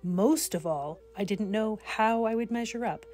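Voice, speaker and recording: A woman reading the part of a kind, wise elderly grandfather in a storybook, speaking gently and steadily as he tells of his past. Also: medium pitch, unhurried, soft background music, pitched above the performer's own voice, lightly acted. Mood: reminiscing.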